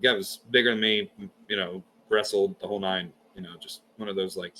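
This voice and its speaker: Podcast guest, Georgia man, light Southern accent, low and bright voice, careful enunciation, faint background hiss. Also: fairly even intonation, brisk. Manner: storytelling, precise enunciation. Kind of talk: casual chat.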